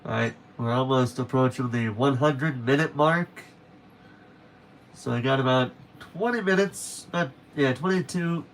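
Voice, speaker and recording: A man's voice: mid-range voice, moderate pace, a bit bright, slight background noise. A young man chatting casually to viewers on a late-night stream, rambling and correcting himself as he goes.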